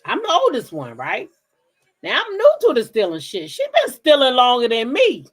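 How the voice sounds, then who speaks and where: A woman from the DC hosting a casual livestream, telling stories straight to her viewers in an animated, profane way. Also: sits high, moderate pace, slightly rough. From Kensington, Maryland, near Washington DC. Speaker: livestream gossip host. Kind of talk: casual chat with live viewers.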